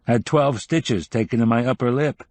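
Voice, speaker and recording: A man's voice: mid-range voice, moderate pace, darkish tone, no room sound, lightly acted. A man voicing a wry, rambling middle-aged journalist in an audiobook.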